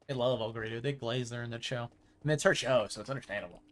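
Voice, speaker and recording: Streaming a game live, a man gives casual commentary in a medium-pitched voice at a brisk pace. He rambles excitedly, and as he warms up he stumbles over repeated words.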